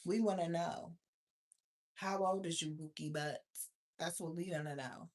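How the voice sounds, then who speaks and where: A woman's voice: fairly low pitch, fairly even intonation, measured pace, darkish tone. A woman in her thirties hosting a livestream, ranting bluntly and profanely as she answers viewer comments. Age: 30s. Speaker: livestream host. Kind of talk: casual livestream chat reading viewer comments.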